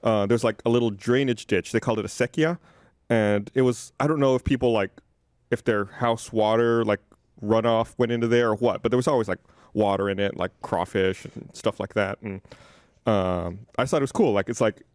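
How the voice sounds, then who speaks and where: A man's voice: on the low side, steady tone, brisk, a little mellow, dry recording, studio quality. A man in casual chat, telling a long childhood story with many fillers and restarts. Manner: rambling, filler-heavy anecdote telling.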